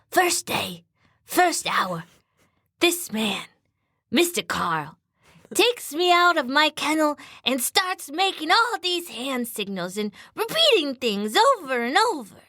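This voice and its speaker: A woman's voice: high voice, very animated, takes it slowly, bright, forceful tone, dry recording, clean studio sound, pitched above the performer's own voice, exaggerated voice. A woman voicing a timid, eager-to-please little female dog, reading her first-person story in an old-timey 1930s manner. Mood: eager, sincere.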